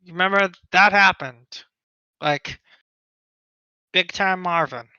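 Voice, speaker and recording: A man talks slowly and at length in a casual podcast chat, rambling and restarting as he goes. His voice is bright and smooth, and the recording sounds dry and a bit dull. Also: high-pitched, no room sound. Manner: rambling, restarts, offhand opinions. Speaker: podcast co-host.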